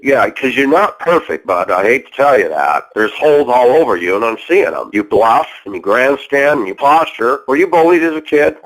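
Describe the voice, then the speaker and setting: A man's voice: medium pitch, lively intonation, moderate pace, few pauses, poor audio. A man hosting a call-in show, lecturing and confronting a caller in a heated argument.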